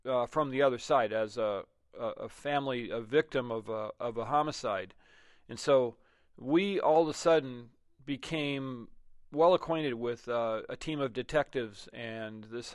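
Dad hosting an interview, kinda halting, lots of restarts, dry close mic. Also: male voice, mid-range voice, dry recording. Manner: warm, halting, searching for words. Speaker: interview host. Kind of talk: conversational interview.

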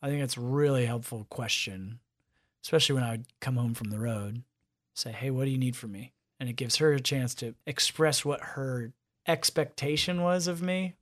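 A man's voice: mid-range voice, moderate pace. A man, a podcast guest and father, talking in a casual interview and acting out quotes as he tells stories. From United States. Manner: animated storyteller, acts out quotes.

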